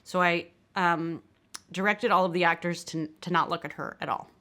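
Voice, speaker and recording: American woman, filmmaker lecture, candid, self-deprecating, lowish voice. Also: steady tone, normal speed, bright, forceful tone. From United States. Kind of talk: lecture, reading from her screenplay.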